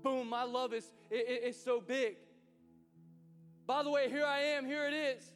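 A preacher voicing a boastful, generous God. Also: male voice, extremely high pitch, flat delivery, unhurried, clear, resonant tone. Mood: proud. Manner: boastful, emphatic. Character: bold, generous God announcing his grace. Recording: hall reverb with soft music.

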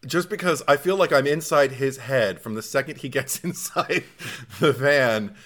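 Bright-voiced enthusiastic podcast host. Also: male voice, medium pitch, normal speed. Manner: enthusiastic, swears casually, laughs often. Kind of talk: casual chat.

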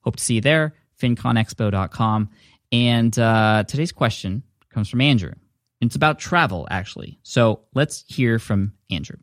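A man's voice: mid-range voice, normal speed, dry recording, clean studio sound. A man hosting his own podcast, talking casually and upbeat into a desk mic at home, with chatty asides. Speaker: podcast host. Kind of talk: casual solo podcast talk. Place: home studio. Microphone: studio dynamic mic at a desk.

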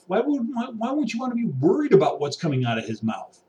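A man's voice: fairly high pitch, big pitch swings, quick pace, dark tone. A man in an exasperated, preachy rant to camera, pacing around a room and swinging between muttering and raised outbursts. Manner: paces about while talking. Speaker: vlogger. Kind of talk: ranting monologue to camera. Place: indoor room. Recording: voice distant from the mic.

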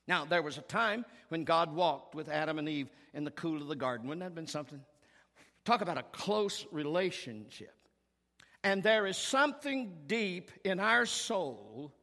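A man preaching a sermon as pastor, earnest and emphatic, rising to strong peaks and falling to hushed tones. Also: sits high. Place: church sanctuary. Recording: long reverb of a large hall.

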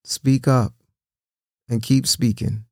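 A man with a gravelly, creaky voice talks in a casual, earnest way, encouraging his listeners. He repeats words as he goes and keeps asking "right?". The sound is dry and close, with almost no room echo. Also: medium pitch, little pitch movement, takes it slowly. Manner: earnest, repeats himself, asks "right?" often.

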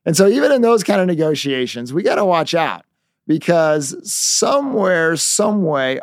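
A man coaching on negotiation through an animated story told as a lesson. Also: fairly high pitch, moderate pace, no room sound, clean studio sound.

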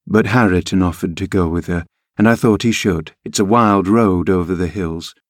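Kindly farm servant woman, rustic talk, lowish dry voice, man doing her. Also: normal speed, dry recording, close to an everyday voice. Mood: reassuring.

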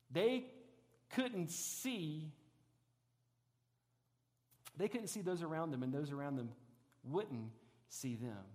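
High-voiced preaching man, reverberant hall. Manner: shifts from raised preaching to soft, hushed reflection. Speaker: pastor. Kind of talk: sermon.

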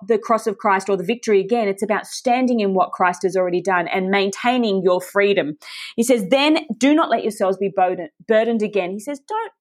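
A woman preaches with passion, pressing her points hard and speaking straight to her listeners. Her voice sits a little higher than most women's. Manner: passionate, emphatic, direct address to listeners. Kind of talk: sermon.

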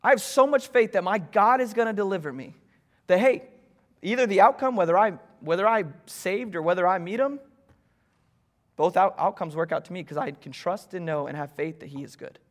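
High-voiced animated preacher in a hall. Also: male voice, brisk. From Florida, US. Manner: animated, jokey asides to congregation. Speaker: pastor. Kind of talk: sermon. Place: church stage, large hall.

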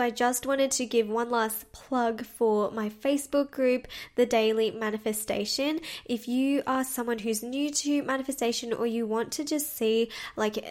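Woman, solo podcast host; casual, upbeat, a touch high-pitched, laughs at her own flubs. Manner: frequent filler "like".

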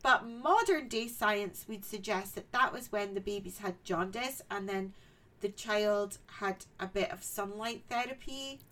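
A woman's voice: medium pitch, a little slow, fairly bright tone. A woman co-hosting a podcast, telling folk tales in casual chat and laughing often. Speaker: podcast co-host.

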